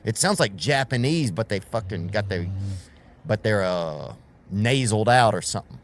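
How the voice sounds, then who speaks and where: A man's voice: on the low side, animated, moderate pace, slight background noise. A man hosting a podcast with a comedic monologue, rambling, swearing a lot and sounding keyed up. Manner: rambling, profane, riffing. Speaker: podcast host.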